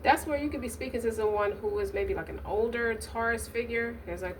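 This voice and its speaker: A woman's voice: mid-range voice, normal speed, recorded from a distance. A woman giving a casual tarot reading, blunt and profane, rambling with asides and restarts. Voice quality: blunt, profane, streetwise talk. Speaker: tarot reader. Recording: noisy recording, voice set back from mic.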